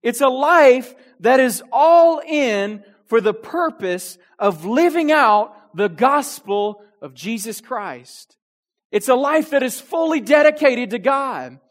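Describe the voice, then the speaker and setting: A man's voice: very high voice, animated, slow. A man preaching a youth sermon with energy, full of restarts and asides. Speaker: youth pastor.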